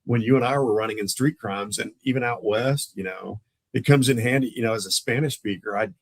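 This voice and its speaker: Animated older man telling stories. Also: medium pitch, a little fast, no echo, rough recording. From Tulsa, Oklahoma. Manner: animated, acts out others' voices in his stories; laughs often mid-story. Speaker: guest, former police officer. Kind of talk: casual storytelling chat.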